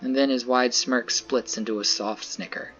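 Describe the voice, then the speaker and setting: A man's voice: medium pitch, steady tone, normal speed, fairly bright tone, lo-fi sound, faint music behind. A man narrating a dramatic visual novel in the first person, earnest and tense.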